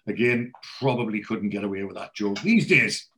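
A man's voice: on the low side, lively intonation, moderate pace, pushed and bright. A man hosting a podcast, casually retelling scenes and quoting lines, with frequent restarts. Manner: storytelling, reads out quotes, many restarts. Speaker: podcast host. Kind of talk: casual episode recap.

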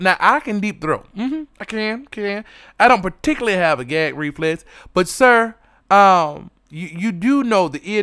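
A man telling an explicit personal story in a flamboyant, dramatic way, breaking into sudden loud exclamations. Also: high-pitched, clear, resonant tone, no echo, clean studio sound.

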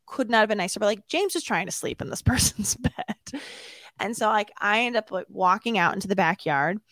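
A woman in a casual interview spins an anecdote at her own expense. She talks in an animated way and laughs often, and her voice sits at an ordinary middle pitch. The sound is dry and close, with no room echo. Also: fairly quick. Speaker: interview guest.

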